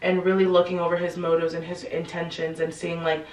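A woman giving a casual, slangy recap of a novel, acting out the characters' lines in quick bursts. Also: on the low side, little pitch movement, darkish tone, distant mic. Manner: chatty, slangy, acts out quotes in quick bursts. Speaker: book explainer. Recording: roomy echo, a bit off-mic.

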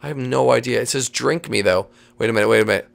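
A woman hosting a game role-play, leading her friends in an excitable, bossy way with sudden shouts. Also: extremely low pitch, fast talker, creaky. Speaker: host.

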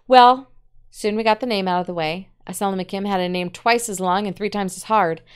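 Smooth-voiced woman teacher reading aloud. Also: medium pitch. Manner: measured, clear storytelling with short asides. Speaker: literature teacher. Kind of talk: reading a story aloud and explaining it.

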